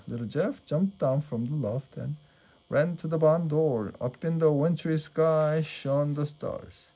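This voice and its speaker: Man reading a kids storybook, real slow, mellow dark voice. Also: a little high. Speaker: storybook reader. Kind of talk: reading aloud a children's storybook.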